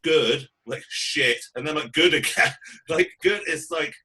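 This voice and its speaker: A man co-hosting a podcast, telling stories in a casual, sweary, animated way. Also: fairly high pitch, unhurried, slightly rough. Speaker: podcast co-host. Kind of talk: casual chat.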